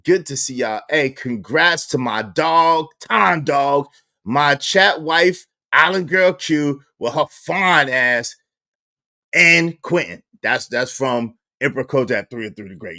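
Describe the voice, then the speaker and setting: A man hosting a livestream, chatting casually and shouting out viewers by name in lively slang. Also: fairly high pitch, takes it slowly. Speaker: livestream host.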